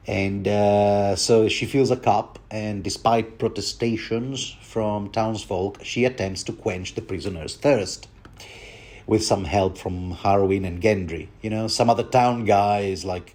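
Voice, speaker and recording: A man's voice: fairly low pitch, steady tone, unhurried, darkish tone. A man giving a rambling, chatty book commentary and poking fun at himself. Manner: chatty, self-mocking, many fillers.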